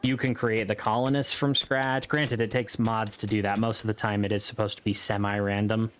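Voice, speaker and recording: A man's voice: on the low side, little pitch movement, brisk. A man giving casual, rambling gameplay commentary, joking around and swearing freely as he plays. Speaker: gameplay video host.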